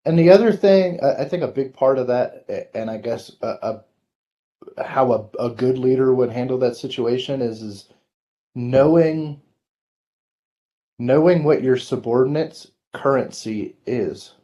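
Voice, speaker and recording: A man's voice: mid-range voice, measured pace, lo-fi sound. A man co-hosting a podcast, talking bluntly and swearing freely in casual chat about former army life. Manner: blunt, profane, animated storytelling. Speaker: podcast co-host.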